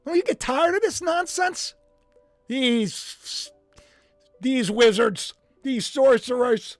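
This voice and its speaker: A man hosting a live stream, reacting to news clips in a mocking, animated way and humming as he thinks aloud. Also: extremely high pitch, dry recording, soft background music. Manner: animated and mocking, muses aloud with drawn-out hums. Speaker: livestream host.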